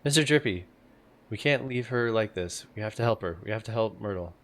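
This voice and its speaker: A man's voice: fairly low pitch, lively intonation, a little fast, a bit bright, a little hiss or hum. A man reading as an earnest young boy hero. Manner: earnest and determined. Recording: game music playing behind.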